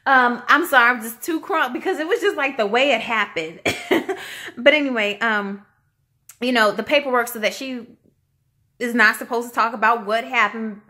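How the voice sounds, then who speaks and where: A woman vlogger giving a casual, chatty review, animated and slangy, acting out quotes in shifting voices. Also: fairly high pitch, normal speed. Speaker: vlogger reviewing a reality show.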